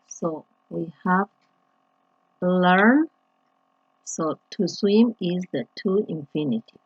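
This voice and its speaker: A woman teaching an English grammar lesson, talking slowly and deliberately with frequent restarts and fillers. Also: on the low side, lively intonation, husky, no echo. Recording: dull lo-fi, dry sound.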